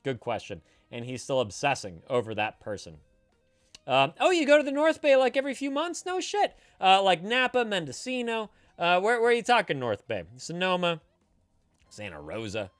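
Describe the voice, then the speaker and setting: A man hosting a casual live stream, reading chat aloud and answering with loud, teasing, profane banter while drinking beer. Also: medium pitch, smooth, no echo. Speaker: streamer giving advice to chat. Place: home streaming setup, San Francisco.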